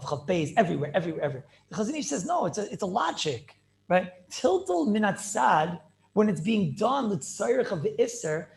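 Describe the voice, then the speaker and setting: A man, a rabbi, teaching a Talmud class over a video call in an excited, rapid way, repeating himself and asking rhetorical questions. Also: sits high, gravelly. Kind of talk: animated yeshiva-style lecture.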